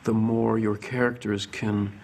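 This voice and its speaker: A man, a film director, speaking in a measured, thoughtful way in an interview. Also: on the low side, little pitch movement, creaky, a little mellow. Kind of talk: interview commentary.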